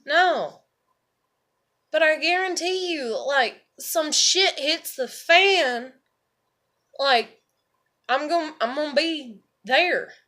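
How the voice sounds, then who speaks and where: A woman with a drawl talks in a loose, rambling monologue, and her voice sits a little high with a bright, forceful edge. She swears easily and keeps circling back with "you know" and "like.". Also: slow pace. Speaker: vlogger.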